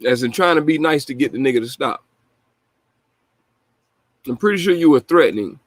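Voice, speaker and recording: A man's voice: mid-range voice, expressive, moderate pace, no echo. A man hosting a show, giving indignant, profanity-heavy commentary on news clips. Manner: indignant, heated, swears freely. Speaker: host reacting to news clips.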